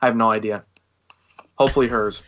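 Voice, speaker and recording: A man's voice: lowish voice, a little fast. A man in his thirties co-hosting a casual podcast, telling stories and acting out other people's lines. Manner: animated storyteller acting out quotes. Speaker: podcast co-host and band singer.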